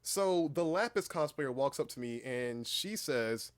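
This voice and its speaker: A young man chatting on a casual livestream, telling an excitable story with halting restarts and the odd swear word. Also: mid-range voice. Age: young adult. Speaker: streamer and voice actor.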